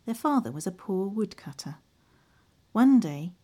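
A woman narrating a children's storybook in an expressive, lively way. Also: mid-range voice, a little slow.

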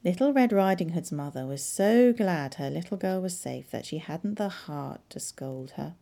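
A woman librarian narrating a children's storybook in an expressive, measured way. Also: on the low side, vocal fry.

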